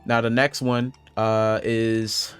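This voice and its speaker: A man's voice: on the low side, level tone, slow, smooth, soft background music. Laid-back man walking through a beat. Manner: laid-back, loose, with many fillers and "man". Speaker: music producer teaching a tutorial. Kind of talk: casual screen-recorded tutorial.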